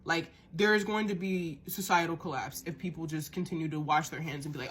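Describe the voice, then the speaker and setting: A woman's voice: sits low, fairly even intonation, brisk, hardly any pauses, fairly bright tone. A woman hosting a podcast, ranting in a heated, profane monologue and often repeating and restarting words as she gets worked up. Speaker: podcast host.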